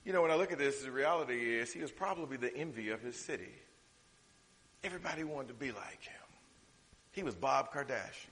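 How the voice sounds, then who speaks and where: A man preaching a sermon, swinging from loud, drawn-out declarations to hushed, quick asides. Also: mid-range voice, lively intonation. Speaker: pastor. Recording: reverberant hall.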